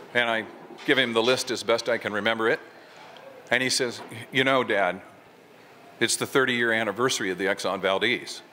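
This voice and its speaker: A man's voice: mid-range voice, bright, forceful tone, a little hiss or hum. An older man, a fisherman poet, telling a plain story and then reading his poems aloud at a live reading. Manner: plainspoken storytelling with wry asides. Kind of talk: poetry reading with spoken story. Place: brewery stage.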